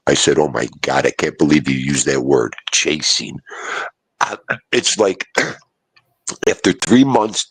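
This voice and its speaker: A man with a gravelly, husky voice talks on a casual phone chat. He tells his stories in a lively, swinging way, gruff and cursing freely. The sound is close and dry. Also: low voice, slow, long pauses, dry recording. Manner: gruff, animated storytelling with cursing. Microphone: phone line.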